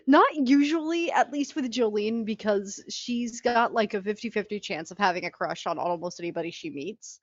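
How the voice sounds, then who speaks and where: A woman's voice: medium pitch, expressive, normal speed, no room sound. A woman playing a tabletop game who chats about what her character does. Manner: chatty, describes her character's actions. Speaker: player. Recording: dry, dull lo-fi sound.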